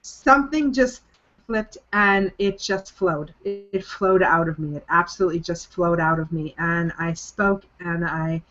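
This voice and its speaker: A woman's voice: fairly low pitch, fairly even intonation, a little slow, hardly any pauses, fairly bright tone, lo-fi sound. A woman leading a group coaching call, speaking in an earnest, emphatic way and repeating phrases for stress. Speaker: coaching program leader hosting a group call. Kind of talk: motivational talk on a conference call.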